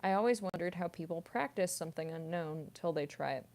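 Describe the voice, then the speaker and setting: A woman's voice: lowish voice, a little fast, darkish tone. A young woman voice actress answering fan questions in a casual, chatty way, using lots of filler words. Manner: chatty, many "like" fillers, explaining technique. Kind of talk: casual Q&A vlog.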